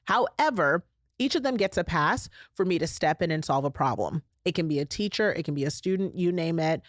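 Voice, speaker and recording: A middle-aged woman hosts a solo podcast, chatting casually and emphatically with her listeners. Her fairly low voice is animated and brisk, recorded at studio quality with no room sound.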